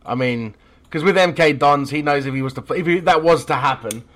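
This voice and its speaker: A man's voice: fairly high pitch, fairly quick, fairly bright tone. A man co-hosting a casual football chat, joking and swearing freely. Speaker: podcast co-host.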